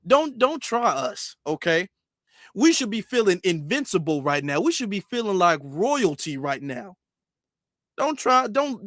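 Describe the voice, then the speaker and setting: A man's voice: high-pitched, a bit bright, no echo, clean studio sound. A man doing emphatic live-stream commentary, repeating himself and firing rhetorical questions. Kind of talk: live-stream commentary reading super chats.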